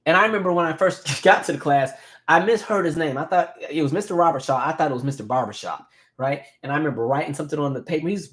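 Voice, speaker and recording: A man in his thirties hosting a casual live stream, telling animated stories and reading viewer comments aloud. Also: fairly high pitch, racing. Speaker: host.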